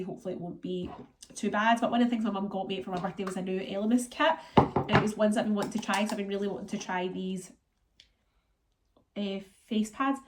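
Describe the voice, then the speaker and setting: A woman's voice: mid-range voice, noisy background. Chatty Scottish woman with a cold. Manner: chatty, rambling, lots of fillers. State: congested and run down from illness. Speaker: vlogger. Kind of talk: casual vlog chat.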